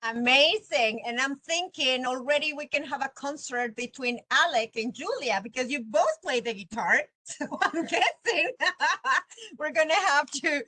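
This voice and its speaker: A woman's voice: high-pitched, expressive, unhurried, pushed and bright, dry recording, low-quality recording. A woman teacher, chatting and telling stories on a video call, laughing often. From Mexico. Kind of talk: online class, casual lecturing.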